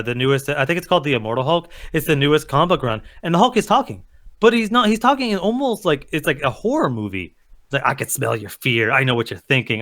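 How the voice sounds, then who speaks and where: A man's voice: on the high side, a bit bright. A man co-hosting a casual pop-culture podcast, ranting heatedly, cursing and acting out quotes. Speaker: podcast co-host.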